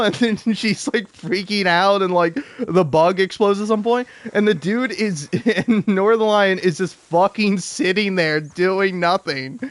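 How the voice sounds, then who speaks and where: Stammering high-voiced man rambling casually. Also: unhurried, no echo. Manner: stammers and restarts often, swears freely, laughs a lot. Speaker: gaming video creator. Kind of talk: casual rambling commentary over gameplay.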